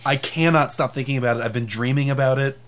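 A man's voice: medium pitch, quick pace. A man co-hosting a casual podcast chat, rambling and filling his talk with "like". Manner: rambling, lots of "like". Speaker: podcast co-host.

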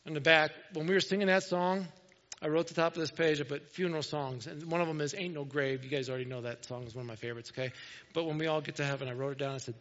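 A man preaching in a church, telling the story casually and dropping to a hushed voice to make a point. His voice sits a little high, and the sound is dull and lo-fi, with long hall reverb. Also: steady tone, fast talker. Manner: casual, conversational storytelling that often drops to a soft, hushed voice. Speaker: pastor. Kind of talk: sermon retelling a gospel story. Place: church sanctuary.

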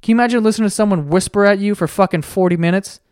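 A man's voice: high-pitched, rapid-fire, a little mellow, clean tone, no room sound, studio quality. A man hosting a podcast, chatting casually in a profane, rambling, sarcastic way while he searches online. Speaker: podcast host. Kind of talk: casual comedic rant.

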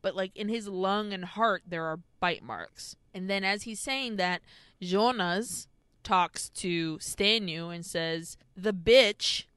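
A woman co-hosting a podcast, retelling a film's plot in casual, animated chat with plenty of swearing. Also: fairly low pitch, slow, clear, resonant tone, no echo. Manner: animated storytelling, acts out characters, frequent swearing. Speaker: podcast co-host. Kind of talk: casual film recap chat.

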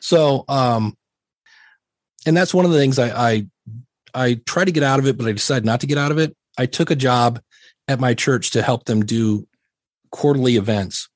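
A man's voice: mid-range voice, normal speed, long pauses, no echo, clean studio sound. A middle-aged man talking candidly as a podcast guest, telling stories in a self-deprecating way with many restarts. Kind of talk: casual interview chat.

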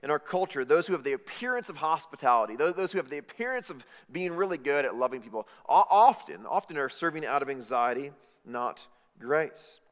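A man preaching a sermon, swinging from loud emphatic lines to hushed, intimate ones. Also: on the high side, lively intonation, brisk. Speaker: pastor. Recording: reverberant hall.

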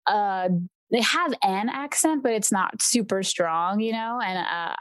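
A woman's voice: mid-range voice, a little slow, a bit bright, dry recording. A young woman guesting on a podcast, chatting casually about acting, with lots of "like" and "you know" and frequent laughs. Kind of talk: casual interview chat.

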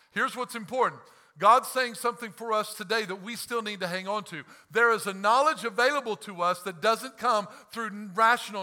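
A man preaching a fervent sermon as pastor, swinging between loud outbursts and hushed asides, acting out quoted lines with bursts of laughter. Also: sits high.

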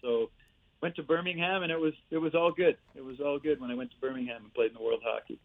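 An older man, a former hockey player and coach, telling lively stories as a podcast guest over a remote line. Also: on the high side, quick pace. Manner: lively storyteller, chuckles through punchlines. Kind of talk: casual anecdote-telling. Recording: tinny phone line, dry.

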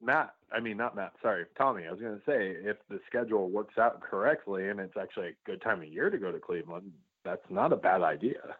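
A man's voice: on the low side, animated, brisk, breathy edge, no echo. Blunt teasing man on a phone line. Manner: blunt, teasing, swears casually. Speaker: podcast co-host. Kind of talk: casual sports podcast chat. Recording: tinny phone-line sound.

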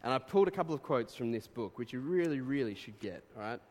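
A man preaching a sermon, reading quotes aloud and breaking into animated exclamations. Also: mid-range voice, fast talker. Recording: long reverb of a hall.

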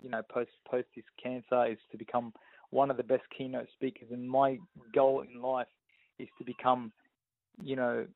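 A man's voice: mid-range voice, flat delivery, normal speed, creaky, dry recording. An Australian man in his thirties, a boxer telling stories in an interview, often saying "you know what I mean". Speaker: guest boxer. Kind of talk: casual interview storytelling. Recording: dry tinny phone-like sound.

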